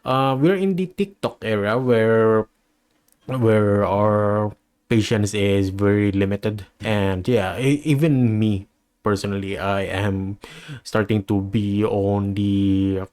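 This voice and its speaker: A man with a somewhat low voice hosts a reaction video. He talks casually and muses out loud. He trails off and restarts often and laughs along the way. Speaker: reaction channel host.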